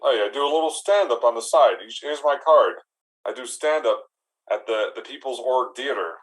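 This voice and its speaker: A man playing a laid-back male orc bouncer in an improv comedy scene. He talks slowly and deadpan in an everyday voice, rambling on about his lonely life. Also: mid-range voice, natural voice, rough recording.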